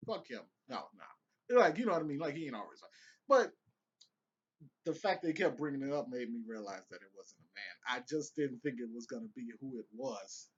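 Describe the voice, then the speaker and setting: A man's voice: mid-range voice, lively intonation, moderate pace, fairly bright tone, breathy edge, muffled recording. A young man giving casual, profane, rambling commentary on a TV episode he just watched, with laughing asides. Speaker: vlogger reviewing a TV episode.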